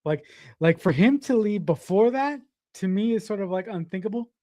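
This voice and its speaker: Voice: mid-range voice, expressive, moderate pace, dark tone, dry recording, clean studio sound. A podcast co-host in casual chat who agrees readily, laughs often and hesitates with many fillers.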